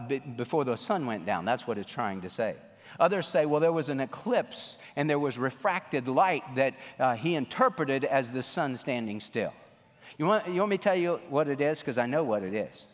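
A man preaching a sermon as a pastor, animated and emphatic, repeating phrases and swinging his voice up and down. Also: mid-range voice. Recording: long reverb of a large hall.

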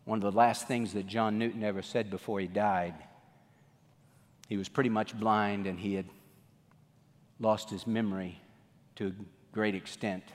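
A male pastor preaching a sermon, swinging from loud outbursts to hushed lines. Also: lowish voice, steady tone, a little slow, long pauses, in a large hall.

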